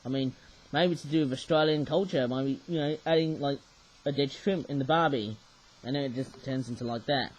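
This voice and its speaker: A man's voice: medium pitch, fairly quick, rough recording. A man chatting casually as he shows off toys, rambling and often ending sentences with "eh?". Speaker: toy reviewer. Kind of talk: casual show-and-tell vlog.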